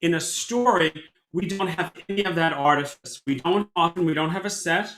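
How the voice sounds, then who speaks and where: A man teaching a storytelling workshop as a cantor, animated and conversational, often restarting his sentences. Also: a little high, normal speed. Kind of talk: workshop lesson. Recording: echoey room.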